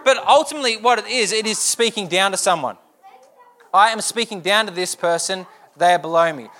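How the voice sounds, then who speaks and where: A young man preaches a sermon, his voice pitched high and bright. He presses his point with one earnest rhetorical question after another. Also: brisk. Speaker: pastor.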